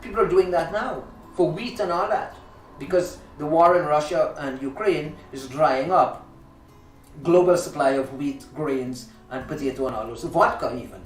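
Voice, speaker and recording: A man's voice: fairly high pitch, normal speed, reverberant, distant mic, faint music behind, rough recording. A man hosting a talk show, delivering an impassioned, indignant monologue with frequent restarts.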